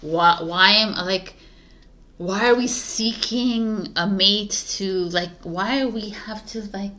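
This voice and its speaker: A woman's voice: mid-range voice, slow pace. A middle-aged woman tarot reader from Canada, talking casually and passionately to her viewers, with frequent fillers. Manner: passionate, animated, laughs often, frequent "like" fillers. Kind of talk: casual spiritual talk to camera.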